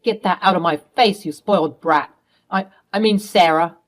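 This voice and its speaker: A woman's voice: on the low side, moderate pace, lightly acted. A woman playing a blustering, defensive stepdad. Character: scheming loud middle-aged stepfather. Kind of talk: storytime role-play.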